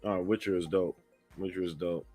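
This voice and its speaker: A man's voice: deep voice, steady tone, normal speed, mellow, faint music behind. A man hosting a casual livestream interview, upbeat and reading out viewer messages and donations. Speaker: livestream host.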